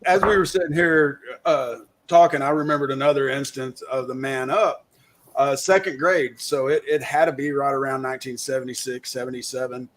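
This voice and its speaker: A man's voice: medium pitch, steady tone, normal speed, fairly bright tone, slight background noise. A man in his fifties in a casual panel discussion, making wry, dry jokes. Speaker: panel guest.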